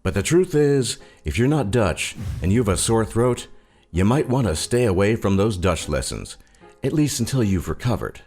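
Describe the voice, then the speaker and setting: A man's voice: fairly low pitch, big pitch swings, moderate pace, a little mellow, breathy edge. A man giving scripted narration for a list video, with a wry, joking delivery.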